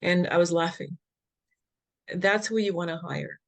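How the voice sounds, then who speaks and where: A woman guest in an interview, speaking as a patient advocate and telling a frank, lively story that acts out the dialogue, with easy laughs and punchy slang asides. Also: on the low side, unhurried, creaky.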